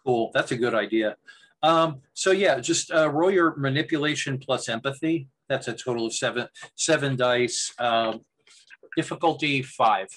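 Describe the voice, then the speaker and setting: A man running a tabletop role-playing game, narrating what happens in a mid-pitched, conversational voice. He wanders through his sentences and restarts often as he describes the scene. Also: normal speed, fairly bright tone, low-quality recording. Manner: meandering narration with frequent restarts. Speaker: game master.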